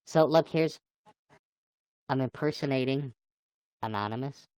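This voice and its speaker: A playful woman chatting on a livestream and greeting viewers by name. Her voice is very low for a woman, and she talks at an unhurried pace in a dry, close sound. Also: darkish tone, clean tone, no echo. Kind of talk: casual live chat with viewers.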